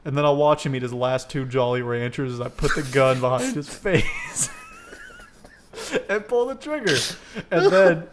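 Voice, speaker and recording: A young man hosting a casual comedy podcast, telling dark, absurd stories and laughing often. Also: mid-range voice. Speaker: podcast host.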